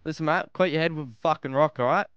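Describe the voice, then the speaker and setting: Australian guy trolling people in game voice chat, kinda high smooth voice, dry close mic. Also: fast talker, fairly bright tone, no echo, dull audio. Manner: taunting, repeats "mate" constantly. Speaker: streamer provoking other players.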